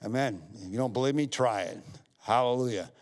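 A man's voice: mid-range voice, a little fast. A middle-aged man speaks from the front of a church as pastor. He is folksy and loose, repeats himself, and grows livelier when he retells a scripture story. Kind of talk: church service announcements and offering talk. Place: church sanctuary.

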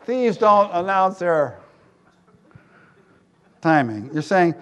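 A middle-aged man preaching in a loose, joking sermon voice that sits fairly high. He talks to the congregation like a friend, then rises to loud emphatic peaks. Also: very animated, takes it slowly, long pauses. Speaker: pastor.

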